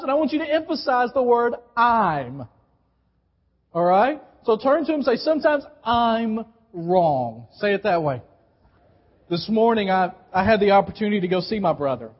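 In a church sanctuary, a pastor with a high-pitched voice delivers a brisk sermon, emphatically repeating key phrases and coaching the congregation to respond. His voice rings with a long church reverb, and the live recording sounds dull and muffled.

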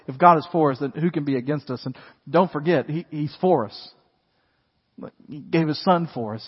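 A man preaching a sermon as a pastor, swinging between loud, emphatic passages and quiet, low asides. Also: slightly rough. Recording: dull audio with hall reverb.

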